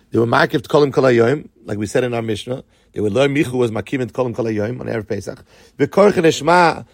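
A man's voice: mid-range voice, no room sound, clean studio sound. A man teaching a Talmud lesson with an Ashkenazi yeshiva pronunciation, chanting the Aramaic text and then explaining it in English. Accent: Yeshivish Ashkenazi Hebrew pronunciation.

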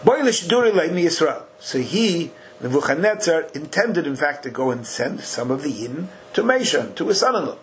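A man teaching a Talmud study class, chanting Aramaic and Hebrew slowly and then translating it in a lively way. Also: a little high, a little hiss or hum, rough recording.

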